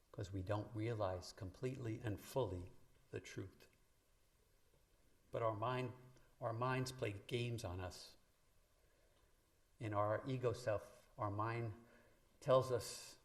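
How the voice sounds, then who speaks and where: A man preaching a sermon in a church, talking conversationally to the congregation and lifting his voice when he quotes scripture. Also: fairly low pitch. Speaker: minister. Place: church sanctuary.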